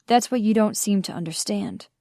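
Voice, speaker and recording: A woman's voice: mid-range voice, moderate pace, warm tone, no echo, close to an everyday voice. A dangerous young man bites off short, mocking lines in an audiobook, voiced by a woman narrator. His menace stays cold and controlled. The recording is dry and close. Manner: clipped and mocking.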